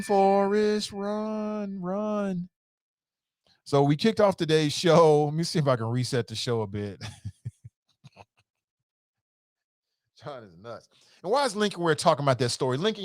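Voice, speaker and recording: An animated man hosts a talk show and tells a rambling story with a lot of jokes. His pitch swings widely while he acts out what people said. The sound is dry and close, with no room echo. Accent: American. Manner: animated, jokey, acts out quotes with voices. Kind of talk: casual storytelling monologue.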